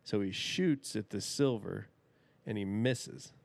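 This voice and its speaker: Man, thirties, low voice, dry close sound; easygoing storyteller with a folksy, rambling delivery. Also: slow, creaky, dry recording. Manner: folksy, rambling, laughs often. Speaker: podcast guest. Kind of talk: casual storytelling.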